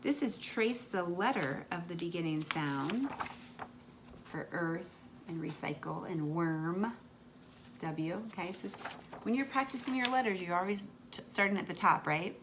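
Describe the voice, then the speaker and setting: A woman's voice: fairly low pitch, unhurried, noisy background. A woman teaching a remote lesson to young children as their kindergarten teacher, drawing out words in a sing-song way.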